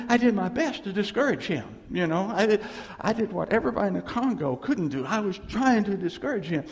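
Preaching as pastor, a man tells animated stories with laughs and voices the quotes himself. His voice sits high with vocal fry, and the recording carries a long hall reverb.

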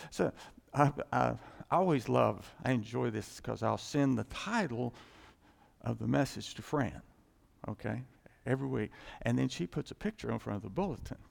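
Male pastor, chatty sermon delivery, very gravelly, lively pitch swings. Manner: conversational, chuckling, acting out little quoted exchanges. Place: church sanctuary. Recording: long hall reverb.

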